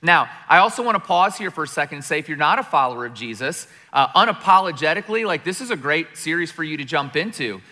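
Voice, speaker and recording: A middle-aged man preaching a sermon in a large church, conversational and animated, acting out little scenes as he goes. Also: a little high, fast, few pauses, big-room sound. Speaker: pastor.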